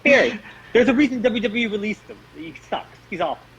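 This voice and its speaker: A man's voice: high-pitched, expressive, quick pace, gravelly. A man co-hosting a wrestling review podcast, blunt and dismissive, ranting in exasperation. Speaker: podcast co-host. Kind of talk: casual wrestling review chat. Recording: dull lo-fi audio.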